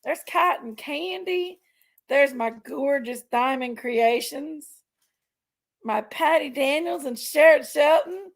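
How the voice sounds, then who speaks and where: A woman hosts a loose, rambling livestream chat, gushing over each viewer who drops in. She talks at an unhurried pace in a high voice with a gravelly edge, stretching out her exclamations. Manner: effusive, greeting viewers one by one. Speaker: livestream host.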